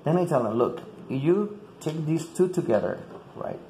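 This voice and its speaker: At a normal speed and in a fairly high, expressive voice that is still mellow and dark, a male English teacher walks his colleagues through a classroom activity step by step. He uses "like" a great deal and repeats words, in an echoey room with faint ambient noise.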